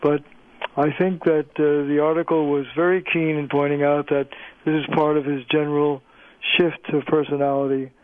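An older man, a linguistics professor, explaining points in a measured way as a guest on a radio interview over a phone line. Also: on the high side, level tone, no echo.

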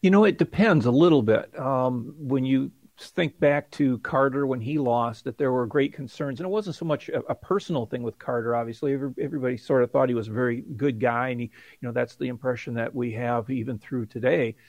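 A middle-aged man speaks as a political science professor on a radio talk show, weighing his points and thinking aloud. His voice has a gravelly edge, and the sound is dry and close. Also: medium pitch, a little mellow, no room sound. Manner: measured, thinking aloud with restarts. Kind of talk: radio interview commentary.

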